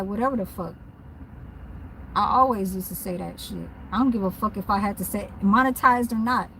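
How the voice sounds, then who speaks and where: A woman's voice: a little high, a bit bright, slight background noise, rough recording. A woman who works as a mobile nail tech, ranting bluntly and profanely in a casual vlog from her parked car.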